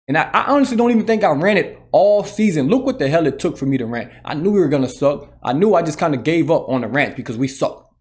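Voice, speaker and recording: A man's voice: mid-range voice, darkish tone. A man hosting a sports channel, ranting heatedly as a fan and swearing often, repeating his points. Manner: heated, profane, repetitive ranting. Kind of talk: solo fan rant.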